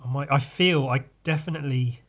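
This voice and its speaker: A man's voice: medium pitch, a little fast, fairly bright tone. A man hosting a solo podcast, tipsy from drinking and rambling loosely, often trailing off and restarting. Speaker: podcast host. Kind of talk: rambling casual monologue.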